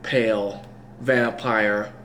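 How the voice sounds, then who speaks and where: A young man with a lowish, fairly even, slightly bright voice talks extremely slowly while eating at home, rambling and self-deprecating, still woozy after his eyes were dilated. Recorded on a camera mic, it has roomy echo, faint dish clatter, and a little hiss or hum.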